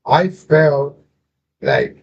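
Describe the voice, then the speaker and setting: Guy telling a wild story, cussing, says bro every line, kinda high voice, muffled lo-fi audio. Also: wildly swooping pitch, extremely slow. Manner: profane, street slang, says "bro" constantly. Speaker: podcast host. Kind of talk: casual storytelling. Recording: dull lo-fi audio with faint noise.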